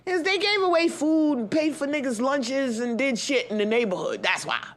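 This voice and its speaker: Animated, profane woman podcast host ranting. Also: moderate pace. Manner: profane, heated and animated, swings between loud outbursts and low grumbles; laughs through her words. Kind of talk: ranting monologue.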